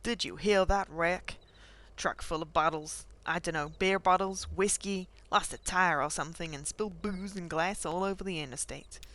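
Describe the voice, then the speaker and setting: Gal doing a tired old gas station guy, fake truck stop drawl, folksy and slow, bright tone. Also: fairly low pitch, voice pushed down, lightly acted. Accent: put-on rural truck stop accent. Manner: folksy, unhurried, musing. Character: weary older male gas station attendant. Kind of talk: reading game dialogue aloud.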